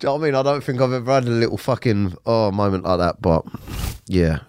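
A man's voice: fairly low pitch, steady tone, a little mellow, clean tone, no echo. Emotional man hosting a podcast. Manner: emotional, halting, swears casually. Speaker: podcast host. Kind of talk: casual emotional interview chat.

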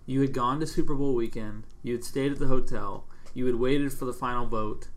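Guy interviewing a retired player, chill questions, average pitch. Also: fairly quick. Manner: relaxed, prompting questions. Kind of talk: conversational interview.

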